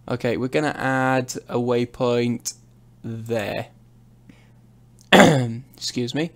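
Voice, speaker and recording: A young man streams himself driving a truck in a game, talking casually, rambling on, and mocking himself along the way. He speaks extremely slowly, with a steady tone and a mid-range voice.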